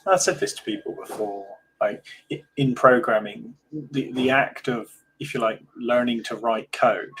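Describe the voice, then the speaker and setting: A man's voice: medium pitch, moderate pace, hardly any pauses, a bit bright, slightly rough, poor audio. A man chatting as a guest, searching for words with many small fillers. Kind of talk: casual conversation.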